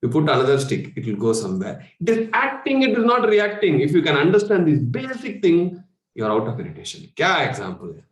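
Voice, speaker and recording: A man's voice: on the high side, wildly swooping pitch, brisk. A man with an Indian English accent, giving a spiritual workshop talk as a meditation coach, speaking conversationally with rhetorical questions and chuckles. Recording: echoey room.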